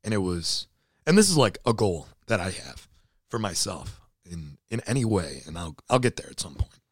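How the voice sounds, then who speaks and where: Man in his 30s, deep-voiced and hoarse, casual podcast co-host, earnest and emotional, dry close sound. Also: sing-song, normal speed, no echo. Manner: earnest and emotional, swears freely. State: hoarse, voice nearly gone. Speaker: podcast co-host, CrossFit athlete. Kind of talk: casual chat.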